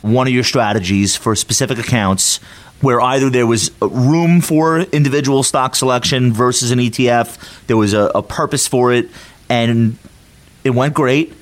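A man telling a lively story as a guest on a finance podcast, talking in quick animated bursts. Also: mid-range voice. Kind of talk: casual podcast conversation.

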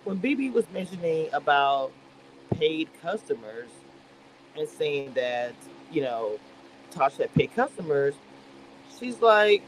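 A high-pitched man chats through a reality-show recap on a livestream. He tells the story with lively, dramatic energy and playful slang, voicing other people's lines as he goes. The mic is a simple webcam setup with a faint hum underneath. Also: takes it slowly, rough recording. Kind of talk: casual livestream recap chat.

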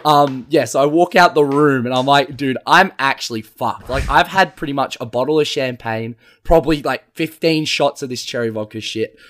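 A man's voice: mid-range voice, normal speed, few pauses, a bit bright. A young man hosting a podcast, telling a crude drunken story in casual chat, swearing and laughing often. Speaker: podcast host.

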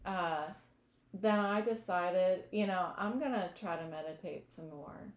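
A woman's voice: lowish voice, unhurried. A woman as an interview guest, earnestly telling her recovery story and sometimes searching for words. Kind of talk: reflective personal testimony. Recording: echoey room.

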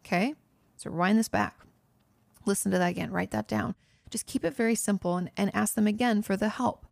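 A woman's voice: medium pitch, fairly even intonation, a little fast, gravelly, darkish tone, no room sound. A woman therapist hosting a podcast, answering listener questions in an earnest, direct way, speaking straight to the listener and often restarting her sentences. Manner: restarts and self-corrections.

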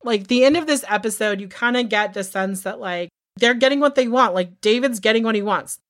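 Dry, animated woman recapping casually. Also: on the high side, fairly quick, dry recording. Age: 30s. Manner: swears freely, animated recapping. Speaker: podcast co-host. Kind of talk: casual chat.

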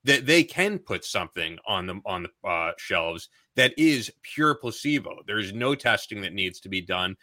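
A man's voice: fairly low pitch, expressive, normal speed, hardly any pauses, bright, forceful tone, dry recording. A man co-hosting a podcast, explaining things earnestly in casual chat. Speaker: podcast co-host.

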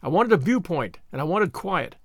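A man narrating a novel in the first person, measured and earnest. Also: a little high, very animated, dry recording, clean studio sound. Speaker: audiobook narrator. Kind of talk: scripted narration.

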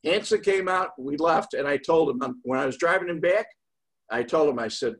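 An older man, a guest, telling a long story in a casual, rambling way, with pauses and fillers. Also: a little high.

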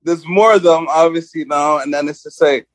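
A young man speaking as a guest rapper in a casual interview, with a voice that sits a touch high. He rambles, stacks up filler words and laughs easily. The recording is dry and close. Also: fairly even intonation, normal speed, no room sound. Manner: rambling, lots of "like" and "you know", laughs easily.

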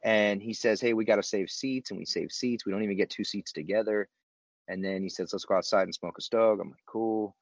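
Low male storyteller, laid-back and slangy, dry dull lo-fi recording. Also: steady tone, a little fast, creaky, dry recording. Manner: laid-back, slangy, self-mocking humor. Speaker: guest telling his recovery story. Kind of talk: casual storytelling chat.

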